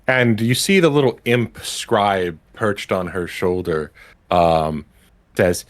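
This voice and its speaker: A man's voice: sits low, slow. A man narrating as game master of a tabletop game stream. He explains rules and scenes with frequent ums.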